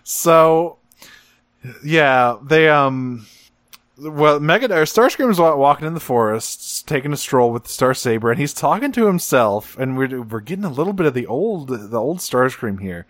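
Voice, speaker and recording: A man's voice: on the high side, big pitch swings, normal speed, fairly bright tone, no echo, studio quality. A man chatting casually as a podcast co-host, recapping a cartoon episode, swearing freely and acting out the characters' lines.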